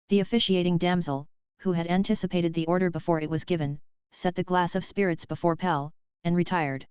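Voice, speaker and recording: A woman reading a classic novel aloud as an audiobook narrator, in a measured, even way. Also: fairly low pitch, clean tone, no room sound, dull audio. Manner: measured, even storytelling read.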